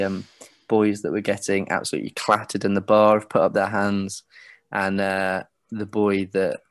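A man narrating a tabletop game as game master, relaxed and chuckling, with many fillers. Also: lowish voice, no echo.

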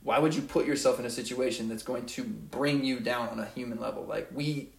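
A man's voice: medium pitch, fairly even intonation, a little fast, creaky, echoey room. A young man giving an earnest, rambling motivational monologue as a podcast host, often repeating his phrases.

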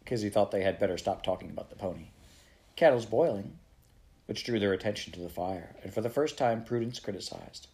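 A man reading a children's novel aloud in a steady storytelling manner. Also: lowish voice, quick pace, hardly any pauses. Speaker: audiobook reader.

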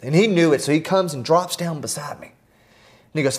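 A middle-aged man, a podcast guest, telling personal stories in an earnest, animated way with self-deprecating humor. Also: on the high side, a little fast. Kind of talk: storytelling in conversation.

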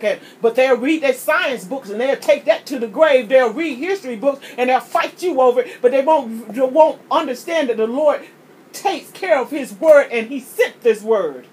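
A woman's voice: sits high, expressive, normal speed, a little mellow, slight background noise. A woman preaching, often repeating words as she builds a point. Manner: impassioned, preachy, repeats words when starting a thought. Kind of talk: sermon.

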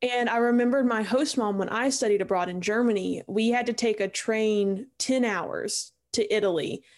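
A woman's voice: a little high, moderate pace. A young woman co-hosting a podcast, asking questions and chatting in a friendly, conversational way. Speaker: podcast co-host. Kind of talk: casual podcast interview.

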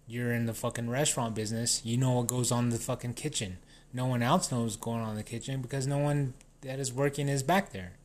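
A man's voice: medium pitch, steady tone, fast talker, a little mellow. Casting: man in an unscripted rant, heavy profanity, loose and rambling delivery, mid-range voice. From New Mexico. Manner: swears constantly, rambling, restarts sentences.

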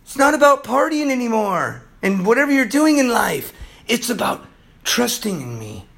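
A man preaching on his own program in an impassioned, pleading sermon, his voice going hoarse, with soft guitar music behind him. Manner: impassioned, pleading, swings from loud to low and intense. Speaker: preacher hosting a religious program.

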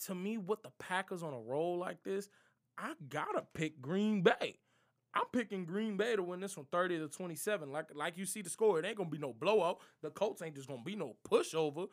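A young man with a high, light voice running through his football picks. He talks in loose slang and gets animated as he trash-talks the teams he doubts. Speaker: sports prediction vlogger. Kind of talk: casual NFL picks monologue.

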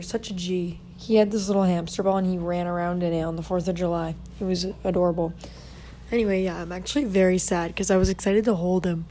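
A woman's voice: lowish voice, steady tone, normal speed, mellow, slight background noise. A young woman chatting casually to her listeners, telling a story in a chatty, dramatic way. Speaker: podcaster. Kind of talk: casual chat.

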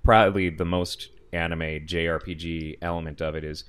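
A man's voice: deep voice, level tone, normal speed, clear, resonant tone. A man on a casual podcast chat, recounting a video game's story in a laid-back way with lots of fillers. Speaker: podcast co-host.

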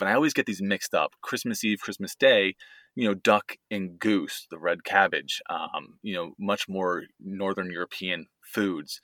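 Low, bright-toned man chatting casually. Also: no echo, clean studio sound. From United States. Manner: easygoing, rambling, restarts often. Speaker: podcast co-host. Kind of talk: casual family chat.

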